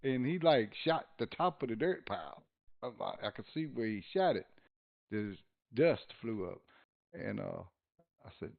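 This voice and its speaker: A man's voice: mid-range voice, big pitch swings, moderate pace, gravelly. Man, folksy storyteller, casual chat, laughs often, dull lo-fi sound. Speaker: podcast host.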